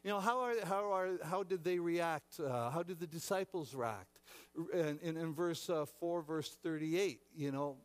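Male pastor, slightly higher voice, impassioned sermon with frequent restarts. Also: unhurried. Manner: dramatic, acts out shouting disciples; repeats words, many restarts.

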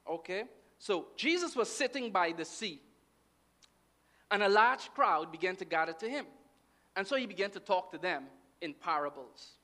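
A man from Guyana delivers a sermon in a high, bright, forceful voice. He talks in an engaged, back-and-forth way, often asking the congregation for an "amen" or a "right.". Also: normal speed. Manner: lively, with call-and-response "amen" and "right" checks. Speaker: preacher.

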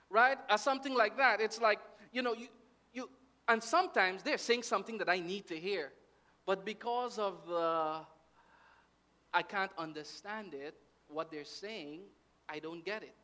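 A man from Guyana delivers a sermon in a high, bright, forceful voice. He talks in an engaged, back-and-forth way, often asking the congregation for an "amen" or a "right.". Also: measured pace. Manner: lively, with call-and-response "amen" and "right" checks. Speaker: preacher.

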